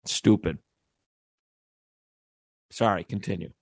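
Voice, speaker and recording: A man's voice: low voice, takes it slowly, creaky, darkish tone, husky, no room sound. A man co-hosting a sports podcast, telling stories in a rambling, profane way. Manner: rambling, profane storytelling with restarts. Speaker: podcast co-host. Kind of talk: casual sports chat.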